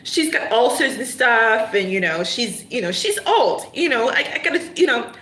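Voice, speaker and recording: A woman's voice: on the high side, big pitch swings, normal speed, fairly bright tone, echoey room. Woman doing an evasive boyfriend full of excuses. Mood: placating. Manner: rambling, full of excuses and "you know". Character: stalling young boyfriend, smooth-talking and evasive.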